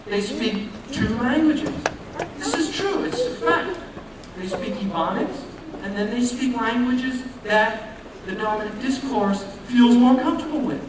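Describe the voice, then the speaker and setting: A man's voice: very high voice, animated, a little slow. An American man from the New York area giving a humorous public lecture, talking conversationally with joking asides and rhetorical questions. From United States, New York area. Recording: very echoey hall, voice from far off, noisy.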